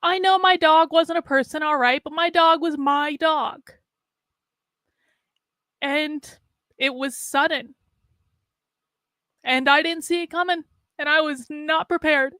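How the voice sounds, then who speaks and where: A woman's voice: high voice, slow, pauses often, no room sound, studio quality. A woman hosting a casual livestream, talking candidly and steadily through sadness, often repeating herself. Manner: candid, sad but steady, talks in restarts and repeats. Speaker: host.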